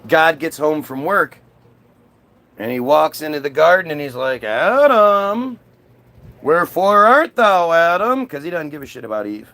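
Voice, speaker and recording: A man's voice: mid-range voice, a bit bright. A man telling a crude, rambling comedic rant full of profanity.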